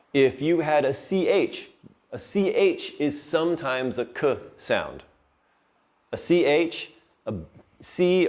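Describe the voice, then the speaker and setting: A man teaching a class on poetry terms, explaining slowly and patiently and often checking in with the students. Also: medium pitch. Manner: slow, patient, checks in with "right?". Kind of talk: classroom lecture.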